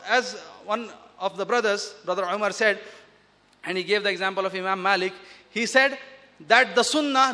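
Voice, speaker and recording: A man giving an emphatic public lecture to an audience, slowing down to recite scripture and asking rhetorical questions. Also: very high-pitched, sharp tone. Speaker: speaker at an Islamic awareness event. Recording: long reverb of a hall.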